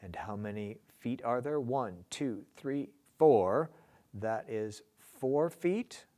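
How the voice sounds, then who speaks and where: A man's voice: medium pitch, slow pace. A man teaching a lesson on lyric scansion, chanting stresses and rhythms aloud as he marks them. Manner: lively, sing-song demonstration of rhythms.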